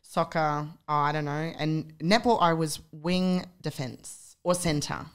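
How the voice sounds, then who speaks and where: Low-voiced chatty woman. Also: steady tone, slow pace, clear, resonant tone. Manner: chatty storyteller, lots of "like" and "um". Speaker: podcast guest, fitness competitor. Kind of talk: casual chat.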